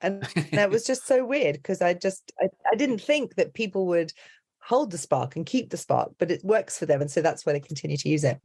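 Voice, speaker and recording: A woman who coaches accents, chatting as a podcast guest in a lively, laughing way that often breaks off mid-sentence. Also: fairly low pitch, a little fast, breathy edge, dry recording, studio quality. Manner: animated, laughing, self-interrupting storyteller. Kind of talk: casual interview chat.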